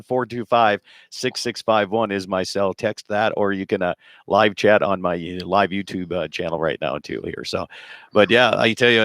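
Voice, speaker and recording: A man's voice: fairly low pitch, fairly bright tone, no echo, studio quality. A man hosting an outdoors radio show, chatting in a folksy, rambling way and laughing easily, broadcasting from a small closet. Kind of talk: casual talk radio chat.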